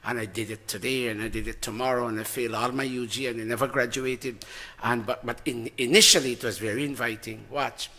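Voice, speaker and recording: A man preaching a sermon, emphatic and animated, swinging from loud to soft. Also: mid-range voice, a little fast. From Guyana. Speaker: spiritual teacher.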